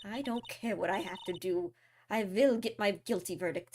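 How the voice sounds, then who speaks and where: A woman's voice: medium pitch, normal speed, darkish tone, slight background noise, lightly acted. A woman voicing a cold, arrogant female prosecutor, speaking in a haughty, cutting way. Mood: scornful.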